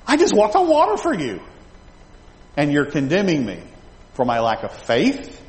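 A preacher putting on an impulsive, excitable disciple. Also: male voice, moderate pace, natural voice. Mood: indignant. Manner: excited, pitched-up exclamations. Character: impulsive, eager adult male disciple. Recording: echoey hall, faint ambience.

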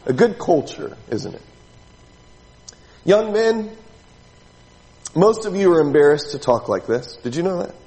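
A man with a high voice preaches a sermon, speaking conversationally to his congregation and asking question after question. His words ring out with a long reverb, as in a large church sanctuary. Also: big pitch swings, measured pace, long pauses, mellow. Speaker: pastor.

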